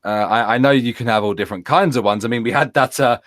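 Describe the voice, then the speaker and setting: A man co-hosting a casual online radio chat, talking in an animated way. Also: medium pitch, fast talker, no echo, studio quality. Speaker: co-host.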